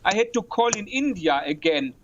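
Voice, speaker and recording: Man doing a rambling paranoid expert witness, high voice, muffled lo-fi sound, comedy courtroom skit. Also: very animated, normal speed, a little hiss or hum. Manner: conspiratorial, rambling, insinuating. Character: male self-styled printer expert witness, paranoid and bigoted. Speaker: witness in a mock trial. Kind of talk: comedic improvised courtroom role-play.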